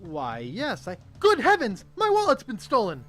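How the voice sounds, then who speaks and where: A man's voice: very high-pitched, huge pitch swings, moderate pace, fairly bright tone, faint music behind, full character voice. A man voicing Guybrush Threepwood, a young wannabe pirate hero in a video game, who sounds earnest and easily flustered.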